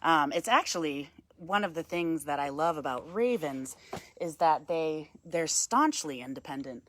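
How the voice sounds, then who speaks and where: A woman wildlife educator giving a live-streamed talk outdoors on a woodland path into a handheld phone, explaining calmly to viewers and cooing softly to the bird between. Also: low voice, measured pace, slight background noise.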